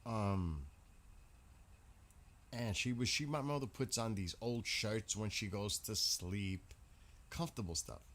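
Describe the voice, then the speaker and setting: Male streamer, low voice, casual rambling chat to viewers. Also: takes it slowly, pauses often, a bit bright. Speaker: live streamer.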